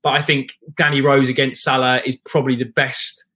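A man holds forth as a guest in a casual podcast chat, long-winded and restarting his sentences often. His voice sits at an ordinary middle pitch. He clears his throat now and then while he talks. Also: little pitch movement, fairly quick, bright, forceful tone. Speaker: guest football fan.

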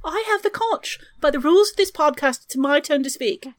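A woman's voice: sits high, lively intonation, fairly quick, voice pushed up. A woman putting on a British accent to play a prim, rule-bound schoolboy on a video call, formal and insistent about who may speak.

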